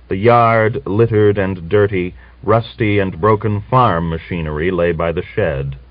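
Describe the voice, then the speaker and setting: A man reading a novel as an audiobook narrator, in a measured, solemn manner. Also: deep voice, dry recording. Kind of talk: scripted literary narration. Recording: dull lo-fi old recording.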